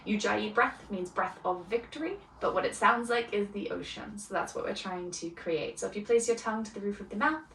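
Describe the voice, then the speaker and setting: A woman teaching a beginner yoga class, cueing breath and movement in a calm, soft-spoken way with gentle pauses. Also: mid-range voice, a little hiss or hum. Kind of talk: guided yoga class instruction. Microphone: camera mic from a distance. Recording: roomy echo, voice from a distance, faint ambience.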